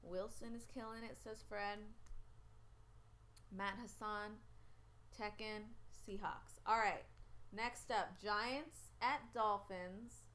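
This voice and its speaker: A woman's voice: medium pitch, fairly even intonation, takes it slowly, a bit bright. A woman hosting a casual sports picks stream from home, chatting and rambling as she reads out viewers' picks into a webcam. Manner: rambling and chatty, often loses track. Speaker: host of a sports picks show. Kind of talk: casual livestream chat reading viewer comments.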